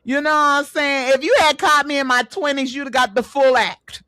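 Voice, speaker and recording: A woman in her late thirties hosts a podcast, chatting casually in a high voice at normal speed on a dry recording. She's animated, laughs a lot, and leans on repeated filler phrases.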